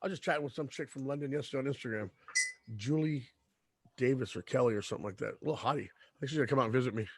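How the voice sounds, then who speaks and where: A man's voice: mid-range voice, very fast, a little hiss or hum. A man co-hosting a podcast in casual banter, brash and jokey, swearing freely. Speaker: podcast co-host.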